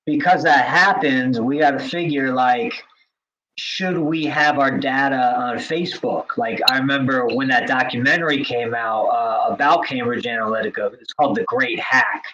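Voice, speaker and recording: A man's voice: mid-range voice, moderate pace, sharp tone, highs cut off, a little hiss or hum. A man co-hosting a podcast, who also teaches drums, chatting casually with many filler likes and restarts. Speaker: podcast co-host; drum teacher.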